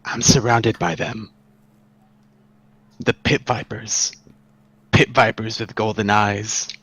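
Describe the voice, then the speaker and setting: A man voicing a brooding young male warrior, speaking in slow dramatic pauses. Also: on the low side, fairly even intonation, a bit bright, slightly rough, no echo, full character voice, low-quality recording.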